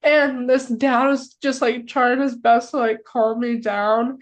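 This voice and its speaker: An excitable young American woman tells a long story on a podcast. She speaks in a fairly high voice and scatters "like" through every sentence. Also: takes it slowly, muffled recording. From United States. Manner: excitable, filler-heavy with lots of "like". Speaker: podcast co-host. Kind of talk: casual storytelling chat.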